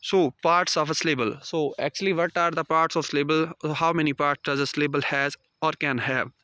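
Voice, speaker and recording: A man's voice: fairly high pitch, fairly even intonation, brisk, bright, forceful tone, no room sound. A man teaching a lesson, reading out definitions and numbered points like a prepared lecture. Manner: reads out numbered points, non-native phrasing. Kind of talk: read-aloud lecture.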